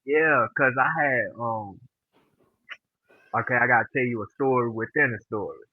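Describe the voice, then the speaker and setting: A podcast guest tells a long story in relaxed, informal slang, animatedly acting out the voices of the people he quotes. His mid-range voice moves at normal speed, and the recording is dry and phone-like with a narrow sound and no room noise.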